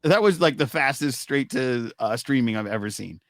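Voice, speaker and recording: A man's voice: mid-range voice, lively intonation, moderate pace, no room sound, clean studio sound. A man hosting a podcast in a jokey, casual chat, laughing a lot. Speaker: podcast host.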